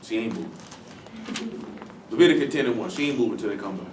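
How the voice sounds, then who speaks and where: A man preaching a Bible-study sermon in a casual, blunt way, full of slang and rhetorical questions, and slowing down to stress the scripture he reads. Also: on the low side, expressive, a little hiss or hum. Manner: slow, stressed reading of scripture. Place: congregation meeting room. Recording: echoey room from a distant mic.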